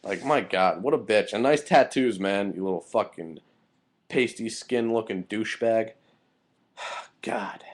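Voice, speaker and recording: A man's voice: lowish voice, normal speed. A young man giving a casual, heated recap of a wrestling show, angry and swearing freely.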